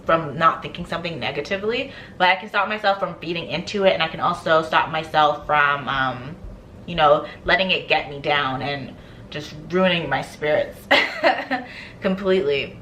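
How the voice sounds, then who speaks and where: A woman's voice: sits low, moderate pace, pushed and bright, a little hiss or hum. A woman vlogger chatting casually about her skincare, laughing often and acting out stories. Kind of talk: casual chat.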